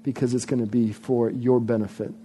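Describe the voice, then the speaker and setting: A pastor preaching a sermon, emphatic, driving points home by repeating phrases. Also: male voice, mid-range voice, flat delivery, brisk, dark tone, slight background noise.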